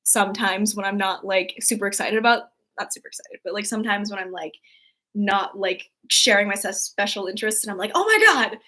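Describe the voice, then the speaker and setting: A woman's voice: mid-range voice, brisk. A woman hosting a casual livestream, rambling with many fillers and restarts as she reads out chat messages. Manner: worries her flat delivery sounds sarcastic. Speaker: livestream host reading chat.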